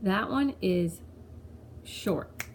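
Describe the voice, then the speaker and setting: A woman's voice: medium pitch, animated, very slow, a little hiss or hum. A mother talking loosely and conversationally about her family, often circling back to restart a thought. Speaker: mother sharing a parenting story. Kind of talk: casual personal storytelling to camera.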